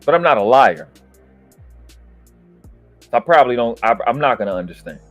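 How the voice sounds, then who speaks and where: A man hosting a debate review launches into a profane, berating rant. His voice sits in an ordinary middle register and climbs into furious yelling as he hammers his points home. Faint music plays low behind him. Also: very animated, moderate pace, no room sound. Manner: profane, berating, escalating into shouting. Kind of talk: heated commentary rant.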